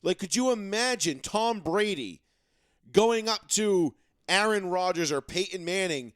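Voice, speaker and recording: Ranting high-voiced sports podcast man. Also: animated, unhurried, a bit bright, no room sound, studio quality. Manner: profane, ranting, mocking impressions. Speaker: podcast co-host. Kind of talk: casual sports talk.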